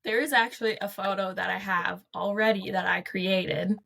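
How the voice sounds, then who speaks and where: A woman's voice: mid-range voice, fairly even intonation, moderate pace, vocal fry, sharp tone. A woman, an artist and photographer, talking openly and a little hesitantly as a podcast guest. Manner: open, reflective, hesitant. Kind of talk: casual interview chat.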